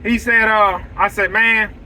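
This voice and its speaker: A man telling an excitable, repetitive story to viewers from his vehicle. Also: sits high, moderate pace, slight background noise, low-quality recording. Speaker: lawn care business owner. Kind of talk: casual storytelling vlog. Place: vehicle, driving outdoors.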